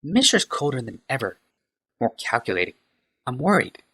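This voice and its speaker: A man doing Ashnod, a sharp-tongued woman agent. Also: medium pitch, sing-song, normal speed, breathy edge, voice pushed up, heavily acted. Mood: worried. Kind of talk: reading a novel aloud.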